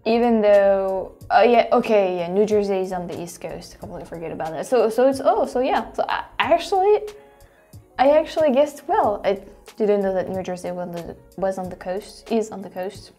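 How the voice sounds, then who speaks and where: A woman's voice: mid-range voice, expressive, a little fast, warm tone, soft background music. A woman with a French accent, a native French speaker, hosting a vlog and thinking aloud with many restarts and fillers. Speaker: host. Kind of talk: casual vlog commentary.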